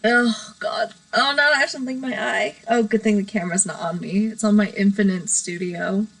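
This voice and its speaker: A woman's voice: medium pitch, fairly even intonation, a little fast, creaky, fairly bright tone, poor audio. A woman hosting a casual live stream from her bedroom, rambling, giggly and self-deprecating. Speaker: livestream host.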